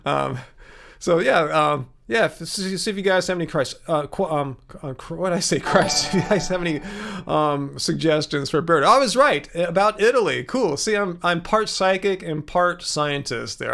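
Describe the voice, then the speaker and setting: A man's voice: on the high side, expressive, normal speed, vocal fry, a bit bright. A man in his thirties hosting a casual livestream, rambling and joking with many fillers and restarts. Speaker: livestream host answering viewer questions.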